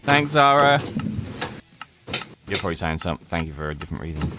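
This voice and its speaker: A man's voice: very deep voice, steady tone, racing. A man chatting in an easygoing, informal way as a stream co-host. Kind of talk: casual chat. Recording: noisy background.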